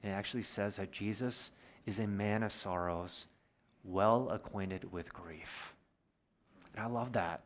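A man preaching a sermon, earnest and explanatory, slowing down to stress key words. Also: fairly low pitch. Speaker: pastor.

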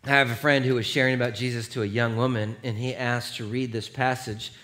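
Animated male pastor preaching. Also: mid-range voice, brisk. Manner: animated, emphatic, rallies the congregation. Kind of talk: sermon.

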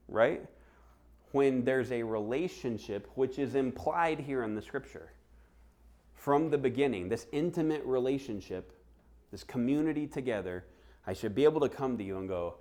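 A man's voice: mid-range voice, moderate pace. A middle-aged man preaching a sermon, telling stories and acting out the voices of people he quotes. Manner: animated storytelling, acts out quoted voices. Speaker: pastor.

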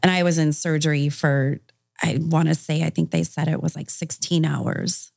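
A woman's voice: sits low, fairly even intonation, moderate pace, creaky, darkish tone, no echo, clean studio sound. A woman guest on a podcast interview, recounting a personal story in a candid, conversational way, often using fillers.

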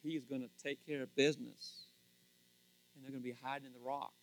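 A middle-aged male pastor preaching a sermon in a joking, animated way, acting out quotes with sudden loud shouts. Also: mid-range voice, brisk, a little hiss or hum, rough recording.

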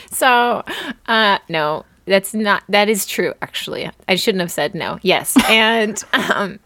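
A woman's voice: medium pitch, animated, slow, vocal fry, a bit bright, no echo. A woman in her thirties co-hosting a podcast in casual chat, bubbly and rambling with frequent giggles. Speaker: podcast co-host.

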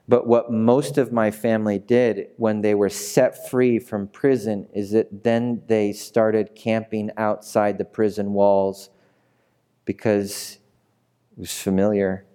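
Mellow-voiced passionate male pastor. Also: lowish voice, level tone, takes it slowly, clean tone. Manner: passionate, repetitive, asks the audience direct questions. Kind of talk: sermon.

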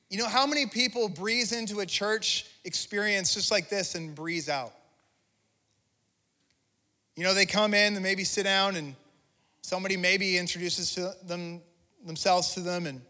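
A man's voice: high voice, bright, forceful tone, in a large hall. A male pastor giving an impassioned, conversational sermon, restarting phrases as he preaches in a church. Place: church sanctuary.

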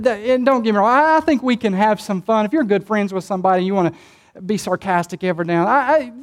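A woman with a high voice delivers a sermon, laughing now and then as she jokes. She often repeats words at the start of her phrases. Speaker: preacher.

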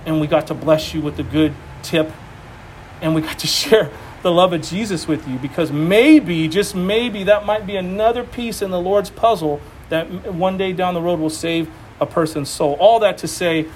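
High-voiced animated man preaching. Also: moderate pace, slight background noise, rough recording. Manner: animated storytelling with laughs and acted-out quotes. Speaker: pastor. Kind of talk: conversational sermon.

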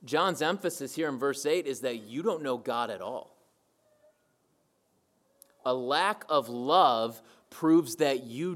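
A man's voice: on the high side, a bit bright. A man preaching a sermon to his church, emphatic and repeating key phrases for weight. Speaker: pastor.

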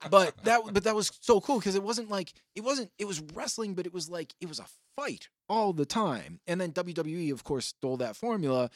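Profane, rambling podcast host, dry sound. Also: male voice, high-pitched, fairly quick, hardly any pauses, no room sound. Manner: rambling, profane, excitable storytelling. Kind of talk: casual podcast chat.

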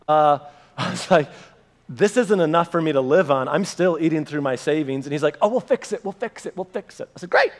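A man's voice: fairly high pitch, lively intonation, brisk. A man preaching a sermon, telling a personal story and acting out the dialogue. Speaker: pastor.

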